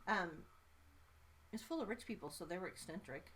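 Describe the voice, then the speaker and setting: A woman's voice: fairly low pitch, animated, normal speed, fairly bright tone. A middle-aged woman, a mother co-hosting a casual chat, telling stories with frequent laughter. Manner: laughing, anecdotal storytelling. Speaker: co-host, mother.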